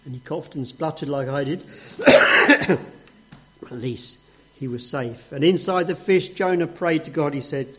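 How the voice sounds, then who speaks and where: A man telling a story to children in an animated, playful voice that sits fairly high. He acts out each moment with lively swings in his voice. The recording is dull and lo-fi. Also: measured pace.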